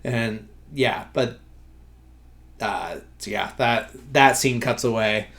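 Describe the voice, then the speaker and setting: A man's voice: mid-range voice, slow, gravelly, a bit bright. A man hosting a podcast, casually recapping a film scene by scene, with lots of "uh" and "like". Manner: rambling, filler-heavy, many "like" and "uh". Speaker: podcast host.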